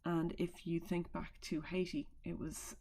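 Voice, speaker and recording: A woman's voice: lowish voice, little pitch movement, unhurried, dark tone. A woman teaching a recorded remote lesson from home, talking chattily into a computer mic with asides and fillers as she explains.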